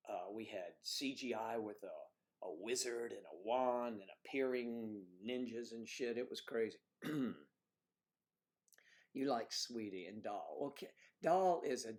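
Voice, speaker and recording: An older man with a Southern US accent hosting a casual livestream, chatting with viewers in a rambling way and often clearing his throat. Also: on the low side. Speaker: livestream host. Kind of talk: casual livestream chat reading viewer comments.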